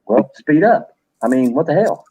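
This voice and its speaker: A man's voice: on the high side, expressive, moderate pace, dark tone, husky, low-quality recording. A middle-aged man hosting a livestream, chatting loosely, cursing now and then and greeting viewers by name. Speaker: livestream host. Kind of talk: casual livestream chat.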